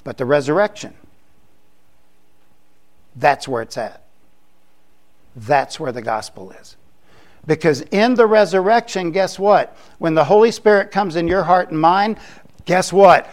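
Older pastor, slightly high voice. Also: male voice, lively intonation, a little slow, pauses often. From Florida, US. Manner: conversational preaching with joking asides. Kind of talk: sermon.

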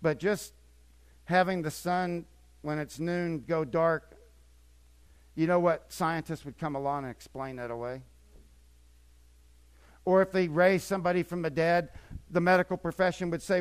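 An older man preaching a sermon as pastor, swinging between quiet asides and emphatic, repetitive points. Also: a little high, normal speed, long pauses, smooth.

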